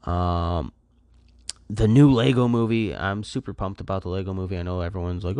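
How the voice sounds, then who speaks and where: A man's voice: deep voice, brisk, darkish tone, clear, resonant tone, dry recording, clean studio sound. A worn-out man rambling loosely through a casual solo podcast from his apartment, full of fillers. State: tired, worn out. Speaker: podcast host.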